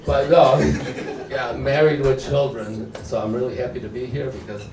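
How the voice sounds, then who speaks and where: A man's voice: medium pitch, flat delivery, moderate pace, a crowd in the background. A man from Mexico whose first language is Spanish, nervously chuckling through an open-mic stand-up set in a small comedy club. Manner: nervous, chuckling between jokes. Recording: roomy club recording from far off. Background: audience laughter.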